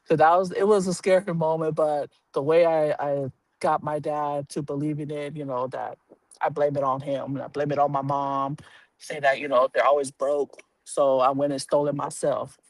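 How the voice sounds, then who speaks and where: A man telling a personal story to a live audience, animated and blunt, swearing casually and acting out the voices of the people in it. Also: fairly high pitch, normal speed, no echo. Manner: animated, acts out quoted voices, laughs while telling.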